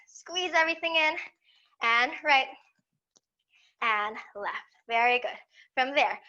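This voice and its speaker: High, bright-voiced woman leading barre class. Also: lo-fi sound. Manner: calm, encouraging step-by-step cueing with counts. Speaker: barre fitness instructor. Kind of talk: guided exercise class cues.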